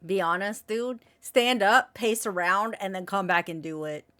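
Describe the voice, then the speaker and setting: A woman's voice: medium pitch, moderate pace, fairly bright tone, no echo. A woman streamer giving casual reaction commentary, blunt and jokey, swearing freely.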